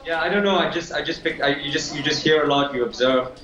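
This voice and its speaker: A man's voice: a little high, quick pace, a bit bright, reverberant, muffled recording. A male impersonator as an interview guest, talking casually and hesitantly, with many fillers.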